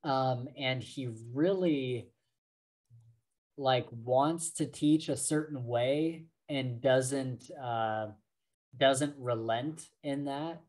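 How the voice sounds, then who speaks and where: Unhurried male podcast co-host. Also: medium pitch. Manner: relaxed, many fillers, laughs often. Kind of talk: casual book discussion.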